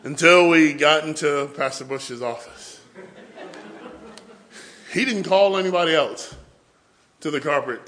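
A man telling lively stories in a tribute to his pastor at a church service, acting out the quotes and laughing along. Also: on the high side. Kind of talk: anecdotal storytelling speech.

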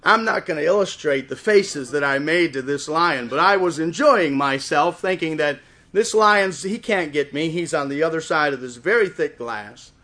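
A man with a Wisconsin accent preaching a sermon, telling stories and slowing down and rising in volume for emphasis. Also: fairly high pitch, expressive. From Chicago area, raised in Wisconsin. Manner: storytelling preacher, swells louder and slower for emphasis. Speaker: guest preacher.

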